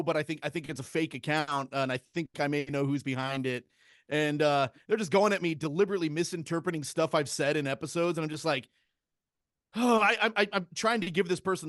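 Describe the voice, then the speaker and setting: High-voiced rambling podcast man. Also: fairly bright tone, no room sound, studio quality. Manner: rambling, profane, self-deprecating. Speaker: podcast regular. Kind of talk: casual chat.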